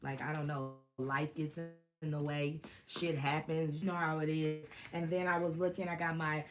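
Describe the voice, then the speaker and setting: A woman, chatting casually to camera about her Marine days, animated and full of slang and laughter. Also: deep voice, normal speed, music in the background. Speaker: Marine veteran vlogger.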